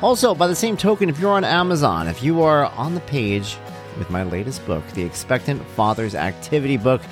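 A man's voice: mid-range voice, big pitch swings, fairly quick, over music. A man hosting his own podcast in casual chat, upbeat and chatty with rambling asides, close to the mic. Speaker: podcast host.

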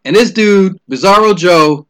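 Casting: male podcast host, fairly high voice, loose profane storytelling, animated bursts. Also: a little slow, clean tone. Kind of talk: casual podcast rant.

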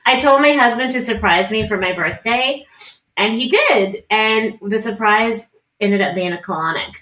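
A woman guest on a podcast, animated and laughing as she tells her stories. Her voice rings in a roomy, echoey space. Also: on the high side, moderate pace. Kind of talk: casual storytelling.

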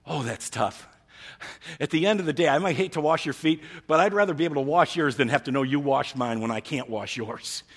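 A man preaching from the pulpit, his husky voice carrying a long reverb through the church. He drops to hushed, intimate lines and then builds to loud, emphatic passages. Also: fairly high pitch, brisk. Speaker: pastor. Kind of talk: sermon.

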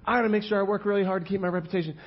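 A man's voice: high voice, fairly even intonation, rapid-fire, highs cut off. A man voicing a frustrated, overworked woman host who indignantly demands help. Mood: anxious. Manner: indignant, pleading.

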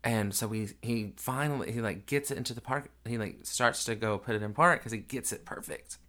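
A grieving man hosting his podcast, telling a raw, emotional family story with a lot of swearing, moving between hushed sorrow and loud, excited retelling. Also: medium pitch, brisk. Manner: candid and profane, swings from hushed grief to loud excited retelling. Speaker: podcast host.

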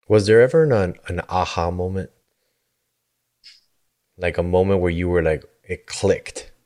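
A man hosting a conversation, asking relaxed questions and laughing along with his guest. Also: low voice, a little slow. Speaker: podcast host. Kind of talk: interview questions.

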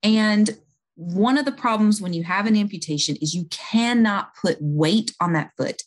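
A woman's voice: mid-range voice, moderate pace. A woman who works in home health, earnestly explaining a patient story in a conversation, with fillers and restarts along the way.

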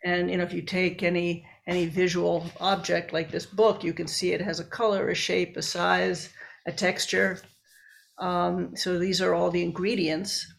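A woman's voice: lowish voice, little pitch movement, moderate pace, gravelly. A woman researcher and book author explaining her work step by step in an interview.

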